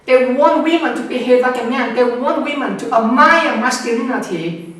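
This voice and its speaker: A man's voice: very high-pitched, normal speed, a bit bright. A man giving emphatic, lecturing answers in an interview, often repeating words and restarting. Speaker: interviewed scholar. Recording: echoey room, distant mic, faint noise.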